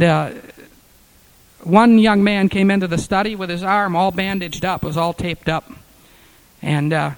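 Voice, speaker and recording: A man's voice: high voice, low-quality recording. A man preaches from the pulpit. He tells his stories earnestly and climbs into fervent peaks as he goes. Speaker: pastor. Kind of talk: sermon storytelling.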